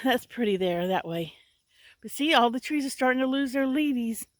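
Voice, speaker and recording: In her vlog, a woman chats away outside her country house, switching to a high baby voice whenever she addresses her dogs. Her speech is expressive and moderately paced, with no echo.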